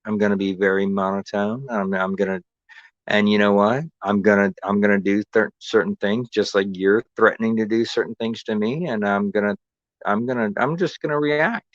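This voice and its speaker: A man's voice: on the low side, steady tone, normal speed, no echo, lo-fi sound. Sarcastic man ranting on a stream. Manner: sarcastic, confrontational, repeats himself. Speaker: live streamer. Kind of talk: angry ranting monologue.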